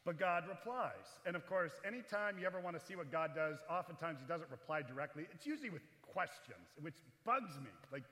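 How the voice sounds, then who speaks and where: A man preaching a sermon as pastor in a chapel, animated, swinging between loud and hushed delivery. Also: fairly high pitch, a little fast, big-room sound. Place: large echoey chapel.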